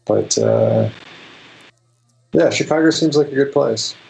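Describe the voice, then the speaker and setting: Relaxed rambling male guest. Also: mid-range voice, slow pace, vocal fry, slight background noise, rough recording. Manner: relaxed, rambling, many fillers, laughs easily. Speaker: interview guest. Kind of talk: casual interview chat.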